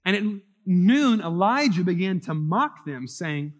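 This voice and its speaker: High-pitched guy preaching a bible story, dramatic, long echo like a big church. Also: expressive, normal speed, hardly any pauses. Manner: dramatic, swings from loud to hushed. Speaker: pastor. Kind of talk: sermon reading and explaining scripture.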